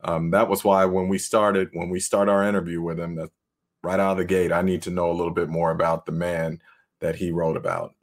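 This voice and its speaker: Low-voiced sports talk host. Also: male voice, flat delivery, a little fast.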